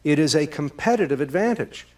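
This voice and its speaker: A man, a presenter giving a scripted talk on communication in a lively storytelling manner. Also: on the high side, fairly quick. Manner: lively storyteller, acts out both sides of a call. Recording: distant microphone.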